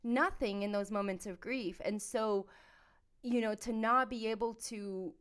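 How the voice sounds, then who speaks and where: Female podcast host, smooth clear voice, halting and empathetic, mid pitch. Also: fairly bright tone. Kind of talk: conversational interview.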